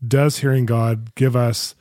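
A man hosting a podcast, chatting casually with his guest in a quick, chatty way. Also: medium pitch, little pitch movement, mellow, dry recording, clean studio sound. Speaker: podcast host. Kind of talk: casual interview chat.

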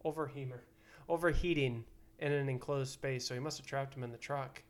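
A man's voice: medium pitch, fairly even intonation, fairly quick. A man co-hosting a casual podcast, reading news headlines aloud as a teasing quiz-master. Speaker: podcast co-host.

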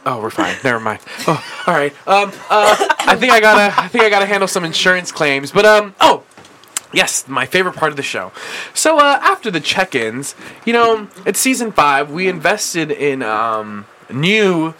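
Playful, animated male show host. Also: sits high, moderate pace. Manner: playful, hammy and energetic. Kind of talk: casual comedic chat. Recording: background noise.

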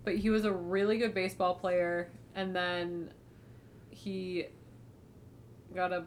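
Animated chatty young woman, lowish voice. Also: slow, a little hiss or hum. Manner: chatty, animated storytelling with frequent "like" and swearing. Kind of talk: casual chat.

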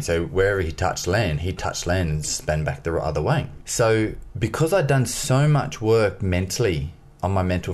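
A man telling a personal story as an interview guest, in a lively way, acting out the dialogue. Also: low-pitched. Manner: lively, acts out dialogue in his stories. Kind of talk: casual storytelling.

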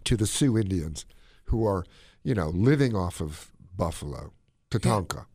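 A man co-hosting a podcast, talking his opinions in a casual, animated way. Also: deep voice, normal speed, breathy edge, dry recording, studio quality. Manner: animated, opinionated, drops into playful put-on accents. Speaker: podcast co-host.

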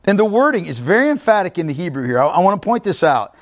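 A man's voice: sits high, sing-song, quick pace. A male pastor preaching an emphatic, conversational sermon, often checking in with his listeners. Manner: emphatic, conversational preaching with frequent "right?" asides.

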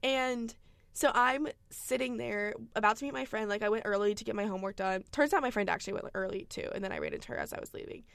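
A woman's voice: mid-range voice, quick pace, creaky, a bit bright, clean tone, no echo. A young woman, telling a funny story as a podcast co-host and laughing often. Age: young adult. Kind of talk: casual storytelling chat.

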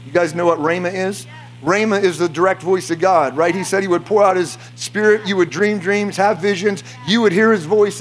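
High-voiced fervent preacher man. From United States. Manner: fervent, shouting bursts, frequent laughter. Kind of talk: charismatic sermon. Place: church meeting before a congregation.

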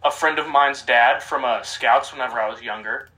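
Male podcast co-host, mid pitch, bright, tense tone, rambles with lots of ums. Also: moderate pace, low-quality recording. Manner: rambling, filler-heavy storyteller. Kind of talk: casual podcast chat.

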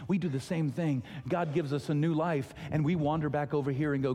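A pastor delivering a sermon, telling a story with lively acted-out dialogue. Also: male voice, on the high side, brisk, hardly any pauses, slight background noise. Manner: animated storytelling, acting out dialogue. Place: church auditorium. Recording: long reverb of a large hall.

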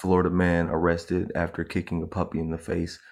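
A man's voice: sits low, completely flat delivery, brisk. A man co-hosting a casual podcast chat, playfully reading out headlines and laughing easily. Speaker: podcast co-host.

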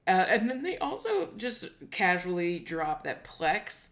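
A woman co-hosting a podcast in casual chat, sarcastic and quick to laugh. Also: lowish voice, sing-song, fairly bright tone. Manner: sarcastic, laughs often, puts on silly voices. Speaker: podcast co-host.

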